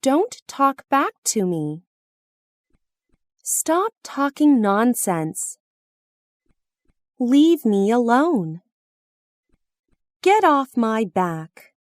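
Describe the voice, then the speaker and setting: Woman reading practice phrases, very slow, bright up-and-down lilt, close dry sound. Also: on the high side, sing-song, dry recording. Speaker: phrase reader.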